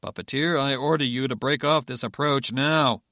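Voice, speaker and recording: A man's voice: mid-range voice, normal speed, sharp tone, dry recording, studio quality. A man voicing a stern male naval operations officer issuing threatening orders over the radio. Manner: threatening, commanding.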